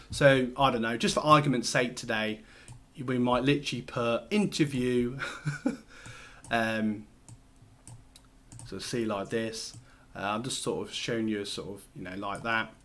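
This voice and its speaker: A man hosting a casual screen-share tutorial, talking loosely with lots of fillers and restarts as he works. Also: medium pitch. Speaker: host.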